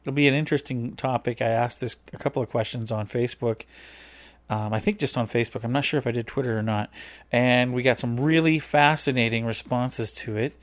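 A man's voice: mid-range voice, fairly even intonation, a little fast, no room sound. A man co-hosting a podcast in casual chat, chatty and rambling, teasing his co-host.

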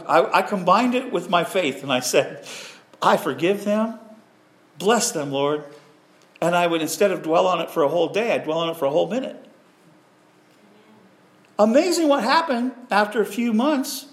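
Animated preacher man with a high voice. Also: echoey room. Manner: animated, self-deprecating, acts out quoted voices. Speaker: pastor. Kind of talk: sermon.

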